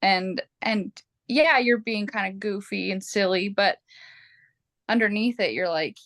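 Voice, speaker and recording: A woman hosts a podcast in a casual, open chat. She is animated and expressive and swoops up high when she quotes herself. Her voice sits at a middle pitch and sounds close and dry. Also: unhurried, no echo. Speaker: podcast host.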